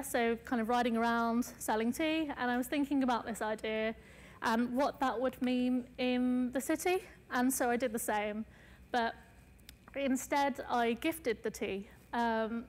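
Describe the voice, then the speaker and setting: A woman's voice: on the high side, in a large hall. A woman artist giving a casual lecture, chatty, with many fillers and light self-mocking asides.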